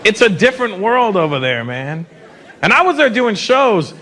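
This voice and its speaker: Brash, animated man doing stand-up. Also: sits high, moderate pace, slight background noise. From Canada. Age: 50s. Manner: brash, profane storytelling. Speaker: stand-up comedian. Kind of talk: stand-up comedy set. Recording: live stage mic with loud crowd. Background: audience laughter and applause.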